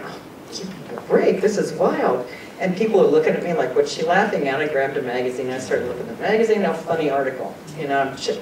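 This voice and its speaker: A woman giving a talk and telling a personal story in an earnest, conversational way, sometimes emotional. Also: darkish tone. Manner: earnest, conversational, often laughs and quotes people. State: emotional, choking up at times. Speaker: guest speaker sharing personal experiences. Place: meeting room at a talk. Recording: far-off echoey room with rumble.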